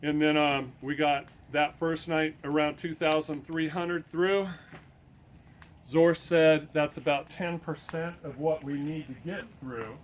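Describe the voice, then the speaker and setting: Male guest speaker, slightly high voice, animated storyteller, noisy room tone underneath. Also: a little slow. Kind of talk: storytelling talk.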